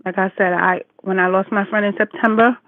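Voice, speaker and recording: A woman's voice: medium pitch, steady tone, brisk. A woman in her forties calling in, talking emphatically and reassuringly, repeating herself for stress. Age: 40s. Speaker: caller. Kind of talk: casual consoling chat. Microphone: phone call. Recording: phone line.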